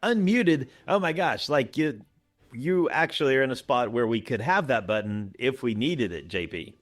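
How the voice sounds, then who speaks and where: A man hosting a game roundtable talks in a lively voice that swoops up and down. He is animated and chatty, with plenty of filler words. Faint music sits behind him. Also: medium pitch, moderate pace. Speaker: dungeon master and host. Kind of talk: casual roundtable chat.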